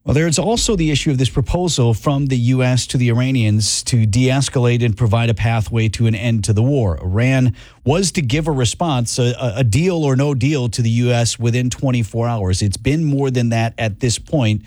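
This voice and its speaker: A man's voice: mid-range voice, moderate pace, a little mellow, no room sound. A man hosting talk radio, moving between conversational ad reads and news updates.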